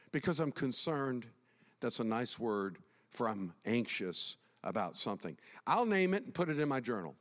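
A man preaching a sermon as pastor, emphatic and animated, repeating phrases as he builds his point. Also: fairly high pitch, in a large hall. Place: church sanctuary.

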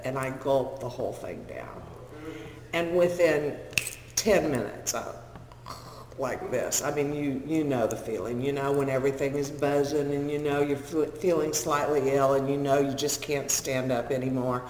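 A woman in her sixties with a Texan accent shares her life story with an audience, candid and quick to laugh at herself. Her voice sits mid-range and carries the long echo of a big hall. A faint hum of background noise sits behind it. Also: extremely low pitch. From Northern California. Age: 60s. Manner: candid, self-deprecating, humorous storyteller. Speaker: speaker sharing her recovery story. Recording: echoey hall with long reverb.

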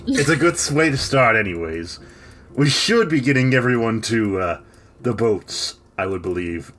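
A man's voice: mid-range voice, sing-song, normal speed, a bit bright, soft background music. A man taking part in a tabletop role-playing game, speaking in a dry, joking manner. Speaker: player. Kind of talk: casual in-character play.

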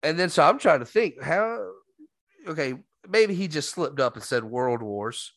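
A man spinning a rambling story in casual podcast chat, his voice swinging up and down with lively energy. The sound is dry and close to the mic. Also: a little high, a little slow, no echo. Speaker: podcast host.

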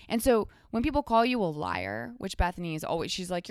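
A woman who is a podcast guest, telling stories in a rambling, animated casual chat full of restarts and asides. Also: on the low side, a little fast, hardly any pauses, clear, resonant tone, no room sound, clean studio sound.

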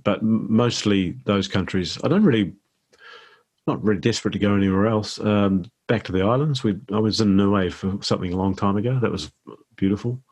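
Deep-voiced New Zealand man, easygoing. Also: brisk, darkish tone, husky. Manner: easygoing, rambling anecdotes. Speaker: actor guest. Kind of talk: relaxed interview chat.

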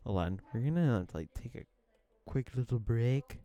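A man's voice: mid-range voice, animated, a little slow, warm tone, no room sound. A man co-hosting a casual hangout podcast, rambling with lots of "like" and restarts and laughing often. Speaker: podcast co-host. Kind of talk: casual chat.

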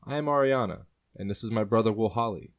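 A man voicing a sly, determined young woman in a storybook reading, teasing and quick-witted. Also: fairly low pitch, expressive, close to an everyday voice.

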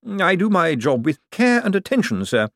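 A man's voice: high-pitched, big pitch swings, moderate pace, a bit bright, no echo, clean studio sound, pitched above the performer's own voice, exaggerated voice. A man voicing a stiff, precise male head cashier who speaks formally and deferentially.

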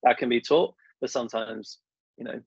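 A man's voice: mid-range voice, normal speed, darkish tone, husky, no echo. A young man in a casual interview, telling stories in a chatty, self-deprecating way with lots of fillers. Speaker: podcast guest, government affairs professional. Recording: dull dry lo-fi sound.

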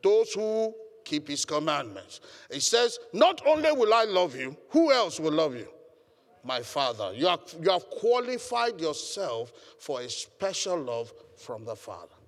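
A man's voice: a little high, big pitch swings, a little slow, long reverb tail. A man preaching a sermon as pastor, emphatic and calling on the congregation to respond. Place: church hall.

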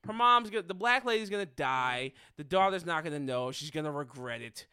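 Animated high-voiced man, profane laughing podcaster. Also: fairly quick, clean tone, no room sound, studio quality. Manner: profane, breaks into loud laughter. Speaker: podcast co-host reviewing a film. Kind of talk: casual chat.

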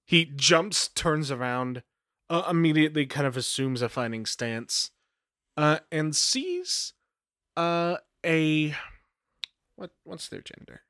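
A man's voice: fairly high pitch, very animated, slow, bright, forceful tone, no room sound. Man, game master, casual rambling narration, fillers, self-corrections, dry close sound.

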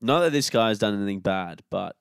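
A man's voice: lowish voice, expressive, fairly quick, vocal fry, smooth, dry recording, studio quality. A young Australian man co-hosting a podcast, trading laid-back, jokey banter in casual chat. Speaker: podcast co-host.

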